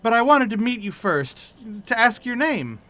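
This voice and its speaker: A man's voice: extremely high pitch, very animated, moderate pace, a bit bright, voice pushed up, full character voice. A man voicing a shy, grieving young female adventurer in a video game, speaking hesitantly and earnestly.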